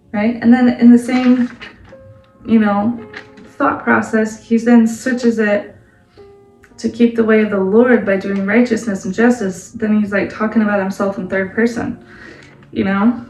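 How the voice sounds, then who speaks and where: A woman's voice: on the high side, steady tone, moderate pace, a little mellow. A woman hosting a casual Bible study vlog, chatty and laughing as she explains, full of "like" and "right?". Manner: laughs often while explaining. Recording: echoey room, mic at a distance, faint music.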